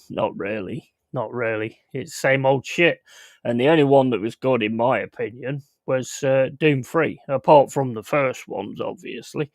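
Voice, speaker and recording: A man's voice: medium pitch, no echo. A man hosting a casual livestream, talking bluntly and with plenty of swearing. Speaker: streamer host. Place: home.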